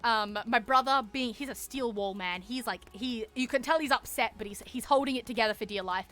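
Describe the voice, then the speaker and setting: A woman with an Australian accent, streaming and telling a story to her chat in a casual, animated way, swearing freely and acting out what people said. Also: on the high side, fairly quick.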